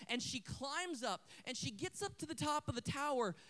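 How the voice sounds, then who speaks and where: Male preacher, sermon storyteller, high voice with a very animated, expressive delivery. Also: normal speed. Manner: dramatic storytelling, swings from hushed to loud. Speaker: pastor.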